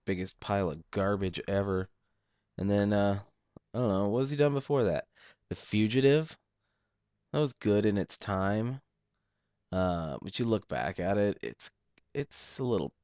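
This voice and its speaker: A man's voice: deep voice, darkish tone, dry recording. A young man hosting a solo podcast, chatting in a rambling, laid-back and profane way. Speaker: podcast host. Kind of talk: casual solo podcast chat.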